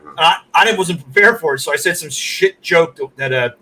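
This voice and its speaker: A man's voice: on the high side, brisk, bright, forceful tone, a little hiss or hum, poor audio. A man co-hosting a comedy podcast, telling rambling anecdotes and restarting his sentences. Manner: rambling anecdotal, self-interrupting. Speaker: comedian co-host. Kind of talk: casual comedy podcast chat.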